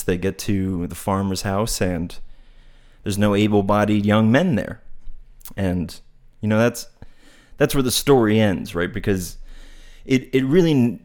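Low-voiced man musing thoughtfully. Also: a little mellow. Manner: meandering, thoughtful, searching for words. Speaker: speaker on non-duality. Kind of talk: casual reflective talk with storytelling.

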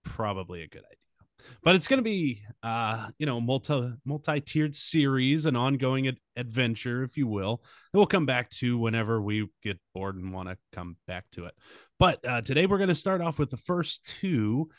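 A man's voice: medium pitch, animated, normal speed, no room sound, studio quality. A man hosting a casual comedic podcast, rambling through setups with lots of fillers. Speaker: podcast host.

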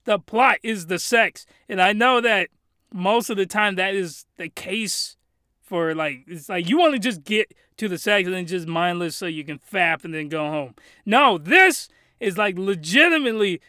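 A man's voice: high voice, expressive, normal speed, sharp tone, no echo, studio quality. A young man reviewing an anime in a rambling, hyped comedy vlog, full of crude jokes and restarts.

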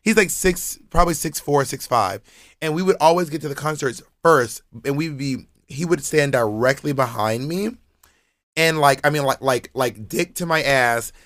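A man chatting casually as a podcast co-host, talking fast with many restarts. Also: fairly high pitch, a bit bright, dry recording. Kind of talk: casual chat.

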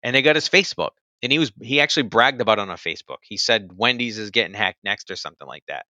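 Speaking quickly and with animation, this low-leaning male voice has a sharp edge as he loosely recounts a personal experience, peppering it with "like" and "you know." It's a dry recording.

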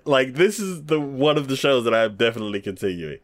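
Laughing, animated man recapping a show. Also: mid-range voice, no room sound. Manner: animated retelling, laughs often, acts out scenes in quick voices. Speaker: podcast co-host reviewing anime. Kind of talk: casual chat.

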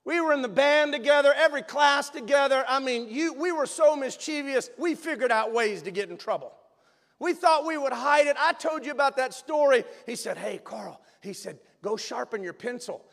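High-voiced preacher telling animated stories. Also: male voice, brisk. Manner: animated, emphatic, bursts of shouting. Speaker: pastor. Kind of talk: sermon storytelling. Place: church sanctuary. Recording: long reverb of a large hall.

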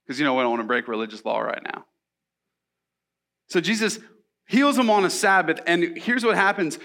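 Young man, slightly high voice, conversational sermon, animated storyteller. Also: brisk. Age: young adult. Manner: conversational, animated storytelling with asides and rhetorical questions. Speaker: pastor.

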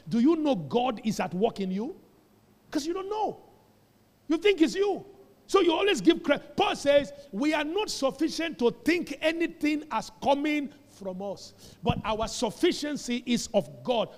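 A man's voice: sits high, big-room sound. A Nigerian man preaching a sermon as a pastor. He tells stories with Pidgin asides and builds to emphatic calls. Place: church.

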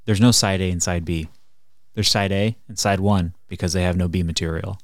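A man with a very deep voice leads a casual music podcast. He talks in a matter-of-fact way, often pausing to search for words. The sound is close and dry. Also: steady tone, dry recording. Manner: matter-of-fact, hesitant with fillers. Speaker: podcast host. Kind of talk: casual chat.

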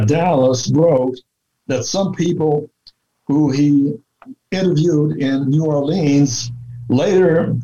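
Slow, muffled man with a dark tone. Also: fairly high pitch. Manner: deliberate, with many fillers and restarts. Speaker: researcher guest. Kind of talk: conversational interview talk. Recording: dull lo-fi sound.

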